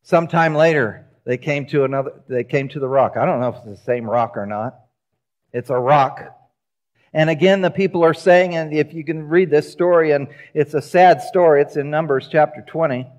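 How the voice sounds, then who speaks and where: A man preaching a sermon in a church, telling the story with lively acted-out voices. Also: fairly high pitch, normal speed, lo-fi sound. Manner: animated storytelling, acting out quoted voices. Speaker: pastor. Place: church sanctuary.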